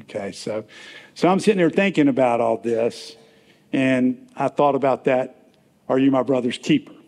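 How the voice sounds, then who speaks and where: Pastor, male, gravelly and a bit husky, chatty sermon delivery, reverberant sanctuary. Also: medium pitch, moderate pace, darkish tone. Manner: conversational, rambling, asks the congregation questions. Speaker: preacher. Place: church sanctuary.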